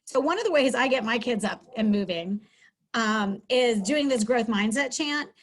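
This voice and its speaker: A woman's voice: a little high, animated, moderate pace. A middle-aged woman, a school counselor, giving an upbeat, chatty webinar lesson from home over a video call, with many fillers. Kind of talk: webinar teaching talk.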